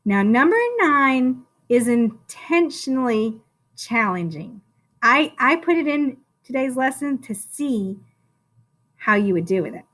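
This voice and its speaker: A woman teaching a phonics lesson to first graders, sounding out words slowly and encouraging the children in a sing-song teacher voice. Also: fairly high pitch, lively intonation, fairly bright tone. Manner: slow, drawn-out sounding out of words.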